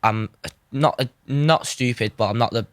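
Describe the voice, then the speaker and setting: A man's voice: mid-range voice, normal speed, clear, resonant tone, dry recording, studio quality. A young man, a guest telling his story in an earnest, informal way, often saying "you know". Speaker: guest, goalkeeper. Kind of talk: candid interview storytelling.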